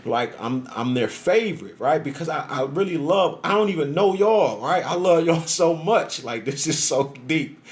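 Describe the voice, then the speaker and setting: An animated man streaming a rambling personal monologue, swearing freely and stressing his points. His voice sits a little higher than most men's and leaps up whenever he acts out what others told him. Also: normal speed. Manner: profane, emphatic, animated storytelling with frequent 'right?'; acts out voices in quotes, pitch jumping up. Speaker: social media livestreamer.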